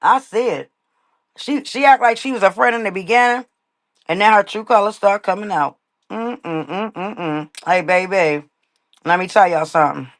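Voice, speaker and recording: A woman's voice: mid-range voice, normal speed, no room sound, studio quality. A woman hosting a casual livestream rant, blunt and profane, repeating her points for emphasis. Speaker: livestream host. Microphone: laptop mic on a live stream.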